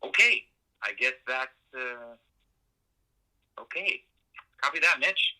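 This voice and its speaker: A man's voice: mid-range voice, expressive, slow pace, bright, forceful tone, exaggerated voice, low-quality recording. An actor playing a fussy, eager male assistant who interrupts to correct facts, speaking hesitantly with stammers and apologies.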